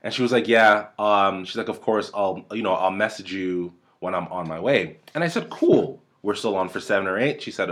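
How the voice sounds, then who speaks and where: A man's voice: sits low, fairly bright tone. A man, casually telling a rambling, profane story on his podcast at a home desk mic. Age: 30s. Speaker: podcast host. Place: home room. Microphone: desk mic at close range.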